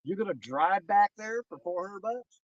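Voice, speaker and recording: A man telling animated, indignant stories in casual chat. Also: sits high, normal speed, no room sound. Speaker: angler co-host. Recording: dull lo-fi recording.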